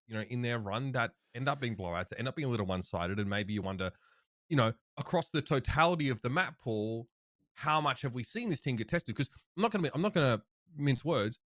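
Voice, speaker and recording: A man's voice: mid-range voice, fairly bright tone, dry recording, studio quality. A man hosting a casual esports podcast, chatty and loose, with plenty of profanity. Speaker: host.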